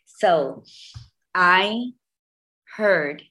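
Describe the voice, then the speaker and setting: Low-voiced woman telling her story emphatically. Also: very slow. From Bridgeport, Connecticut, US. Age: 50s. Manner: emphatic, repetitive, animated storytelling. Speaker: guest. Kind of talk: candid personal interview.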